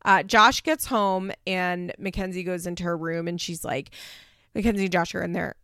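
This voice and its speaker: A woman's voice: lowish voice, fairly even intonation, normal speed, fairly bright tone, dry recording, studio quality. A woman hosting a casual recap podcast from home, talking in a chatty, loose way with lots of "like" fillers, occasional swearing and laughs. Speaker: podcast host recapping a reality show. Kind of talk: casual chat.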